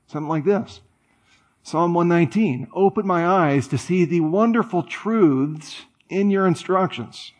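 A man preaching a sermon in a conversational way, with playful, animated asides. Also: a little high. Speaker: pastor.

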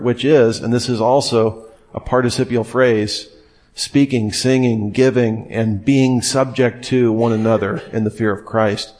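A man's voice: medium pitch, darkish tone. A young man preaching a casual, conversational sermon, often acting out imagined inner voices and asking the listeners questions.

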